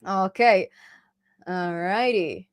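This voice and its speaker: A woman hosting a casual live stream about programming. She is chatty and laughs often, reading viewer comments aloud and answering them in an easy, relaxed flow. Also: mid-range voice, extremely slow, clear, resonant tone. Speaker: programming channel host.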